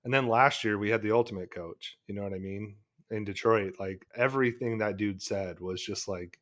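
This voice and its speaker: A man's voice: fairly low pitch, normal speed, hardly any pauses, fairly bright tone. A man co-hosting a podcast in casual sports chat, laid-back, laughing often and calling his co-host "dude".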